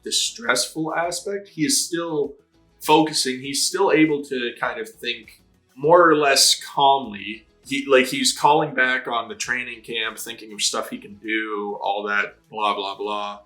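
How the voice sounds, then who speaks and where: A man with a bright, ringing voice gives casual reaction commentary as he watches. He sounds excitable and slangy, and he swears freely. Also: medium pitch, measured pace, faint music behind. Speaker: anime reaction host.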